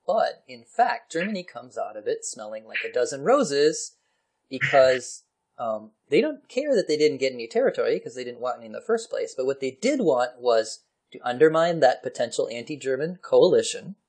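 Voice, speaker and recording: A man casually explaining history on a podcast, chatty and quick to laugh. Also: medium pitch, very animated, a little mellow, slightly rough. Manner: chatty, laughs often, slips into playful voices for historical figures.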